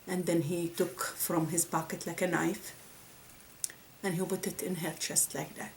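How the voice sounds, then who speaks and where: Woman speaker, faith talk, stop-start phrasing, lowish voice, faint hiss. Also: level tone, creaky, darkish tone, poor audio. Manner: halting, with many restarts and repeated words. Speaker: religious speaker.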